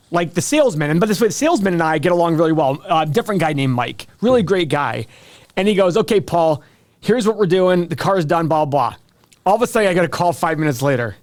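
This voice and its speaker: A man co-hosting a money podcast in casual chat, telling a story with lots of acted-out quotes. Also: high voice. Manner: animated storytelling, acting out quoted calls. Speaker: podcast co-host.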